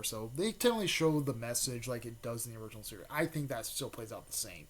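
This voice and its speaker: A man's voice: medium pitch, lively intonation, fast, hardly any pauses. A man casually retelling an anime fan story, rambling with many fillers, restarts and repeated pet words.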